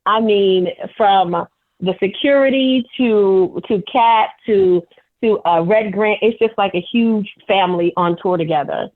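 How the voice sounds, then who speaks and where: A woman comedian calling in as a guest, candidly telling animated stories about her work. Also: medium pitch, measured pace. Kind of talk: phone interview storytelling. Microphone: telephone. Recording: tinny phone line.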